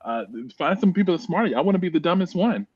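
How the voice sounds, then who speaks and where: Male guest on a call, very lively intonation, dry, muffled lo-fi audio, reflective with rhetorical questions. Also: high-pitched, very fast, slightly rough, no room sound. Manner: reflective, laughs easily, asks rhetorical questions. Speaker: discussion guest. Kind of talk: casual group discussion.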